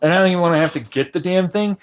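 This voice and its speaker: Brief: young man, vlogger, heated rambling rant, slightly high voice, dull lo-fi recording with steady noise behind. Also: racing. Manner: agitated, swearing, mimics others in heated back-and-forth. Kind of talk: rambling personal vlog rant. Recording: dull lo-fi audio with clear background noise.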